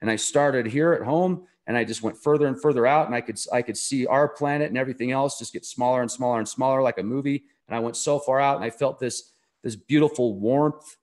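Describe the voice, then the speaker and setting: A man's voice: medium pitch, a little fast, darkish tone. Earnest, rambling man telling a story. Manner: earnest, enthusiastic, rambling delivery. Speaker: interview guest. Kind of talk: casual conversational storytelling.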